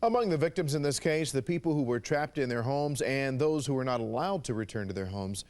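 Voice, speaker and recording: A man's voice: medium pitch, lively intonation, a little fast, a little mellow, no room sound. A man anchoring a TV newscast and handing off to a reporter. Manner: crisp studio delivery. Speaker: news anchor. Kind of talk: news anchoring.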